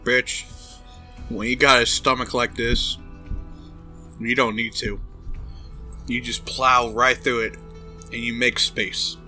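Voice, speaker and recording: A man's voice: mid-range voice, flat delivery, takes it slowly, pauses often, bright, forceful tone, soft background music. A man voicing a gluttonous, arrogant male corporate boss in a comedic fan dub of a game, crude and boastful. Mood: smug. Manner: crude, boastful, smacking over cake.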